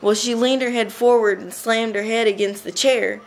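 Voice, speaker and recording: A young woman casually telling a rambling story to her webcam at home, chatty and giggly, with quick bursts. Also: on the high side, fairly even intonation, a little hiss or hum. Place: home room.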